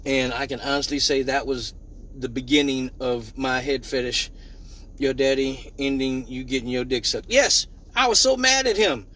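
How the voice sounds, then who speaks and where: A man hosting a live show, telling a personal story in a casual, animated way, swearing freely and acting out the dialogue. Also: medium pitch, normal speed, a little hiss or hum.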